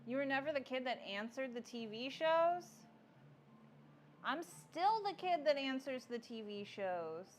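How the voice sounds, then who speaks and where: A woman's voice: high voice, expressive, a little slow, slight background noise. A young adult woman hosting a casual livestream, chatting with viewers and reading their comments aloud. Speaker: livestream host.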